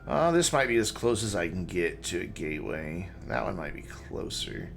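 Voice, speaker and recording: A man streaming a video game, giving relaxed, chatty commentary and thinking aloud as he plays. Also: deep voice, normal speed, vocal fry. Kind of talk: casual gameplay commentary. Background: game music.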